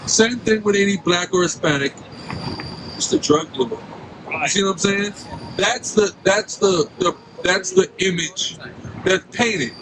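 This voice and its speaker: A man's voice: sits high, measured pace. A man preaching outdoors on a city street, questioning passersby and repeatedly asking "right?". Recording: street noise and traffic.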